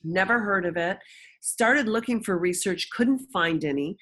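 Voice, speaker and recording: A woman's voice: medium pitch, expressive, a little slow, a bit bright. A woman guest in an interview, frankly telling a personal story and acting out the voices of people she quotes.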